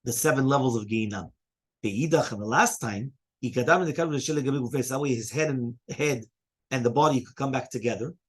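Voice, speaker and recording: A man teaching a casual Talmud class, quickly explaining each passage and reading out Hebrew and Aramaic quotes. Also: medium pitch, breathy edge.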